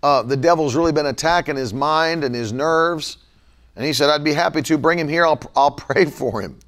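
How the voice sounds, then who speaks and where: A middle-aged man preaching a sermon, emphatic, repeating key phrases and slowing down to stress them. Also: on the high side, a bit bright.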